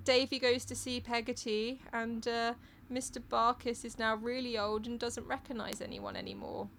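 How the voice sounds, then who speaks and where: A woman's voice: a little high, little pitch movement, normal speed, fairly bright tone, slight background noise. A woman casually retelling a novel's story in a chat, swearing and acting out lines along the way. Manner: chatty, swears, acts out quotes in funny voices. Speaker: podcast co-host recapping a novel.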